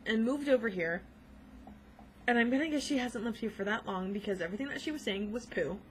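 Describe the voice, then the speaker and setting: Young female vlogger, chatty and gushing, loose filler-heavy delivery, mid pitch. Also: a bit bright, slight background noise, rough recording. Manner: gushing, rambling, many fillers. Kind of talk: casual chat.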